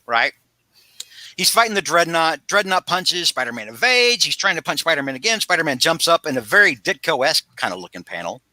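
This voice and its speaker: Bright, animated man recapping a comic. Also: on the high side, brisk, dry recording. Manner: rambling, animated, self-interrupting storyteller. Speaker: podcast host. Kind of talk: casual comic book discussion.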